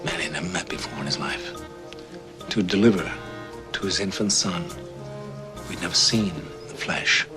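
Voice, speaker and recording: An actor playing an older army captain who tells a child a slow, measured war story in a film monologue. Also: male voice, low-pitched, close to an everyday voice. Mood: solemn. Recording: film audio with music underneath.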